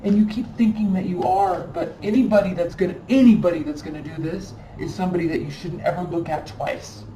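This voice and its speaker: A woman's voice: on the low side, a little fast, few pauses, dark tone. Emphatic woman reading tarot in an echoey room. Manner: emphatic and scolding, repeats phrases for stress. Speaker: tarot reader. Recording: echoey room, mic at a distance, faint background noise.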